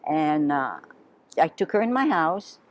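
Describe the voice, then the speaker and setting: Elderly woman in her eighties, low voice, leisurely homespun storyteller. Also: very animated. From Hawaii. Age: 80s. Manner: unhurried, homely storyteller who spells words out. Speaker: oral history interviewee. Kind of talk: reminiscing storytelling.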